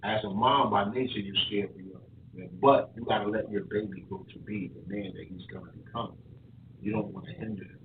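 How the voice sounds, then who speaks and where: A man's voice: fairly low pitch, brisk, background noise. Man telling stories, echoey and tinny. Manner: animated storyteller, repeats words. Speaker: boxing coach. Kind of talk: casual podcast chat. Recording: echoey room, tinny lo-fi sound from far.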